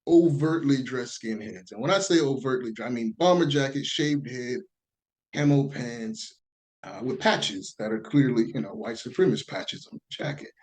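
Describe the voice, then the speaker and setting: Male guest, lively conversational storyteller, plays quoted voices, average pitch. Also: moderate pace, low-quality recording. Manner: animated storyteller who acts out quoted voices. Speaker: podcast guest.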